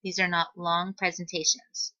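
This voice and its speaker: A woman teacher giving a patient, step-by-step screen-recorded software tutorial on a computer microphone, with "um" fillers. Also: fairly low pitch, little pitch movement, normal speed, no room sound, lo-fi sound.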